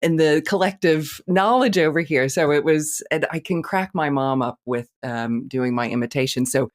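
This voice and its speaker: A woman from the United States co-hosting a podcast. She talks in an easy, thoughtful way, working through her ideas out loud as she goes. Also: deep voice, moderate pace. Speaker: podcast co-host. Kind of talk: casual chat.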